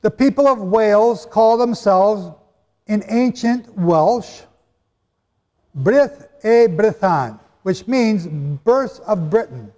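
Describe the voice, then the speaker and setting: High-voiced man preaching in a reverberant hall. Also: expressive, slow, darkish tone. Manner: emphatic, conversational, quizzes the audience. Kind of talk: sermon-style teaching to a live audience. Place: large hall with an audience.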